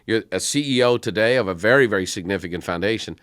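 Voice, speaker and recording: A middle-aged man hosting an interview podcast, telling stories in a conversational, animated way. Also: on the low side, quick pace, clean tone, no echo, clean studio sound. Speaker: podcast host.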